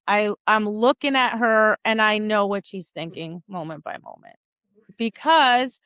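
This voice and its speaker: A woman dog trainer co-hosting a podcast, talking in an animated casual chat, often asking "right?" and acting out quoted lines. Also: mid-range voice, dry recording, studio quality. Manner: frequent "right?" and "like".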